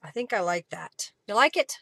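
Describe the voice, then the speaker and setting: A woman with a bright, clear voice leads a live craft session. She muses aloud about each step and keeps up easy chatter with her viewers. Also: mid-range voice, animated, normal speed, no room sound. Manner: chatty, thinking aloud while working, thanking viewers. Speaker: craft journaling host. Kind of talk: live-stream crafting demo.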